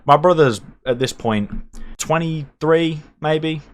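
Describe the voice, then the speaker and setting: A man's voice: fairly high pitch, slow pace. Young man telling a wild story. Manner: animated, swearing, self-mocking. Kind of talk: casual storytelling.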